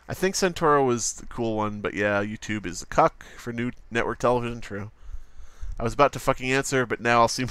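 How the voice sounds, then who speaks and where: A man's voice: medium pitch, sharp tone, no room sound. A man chatting casually on a live stream while drawing at his desk at home, rambling, jokey and profane, often slipping into mock voices.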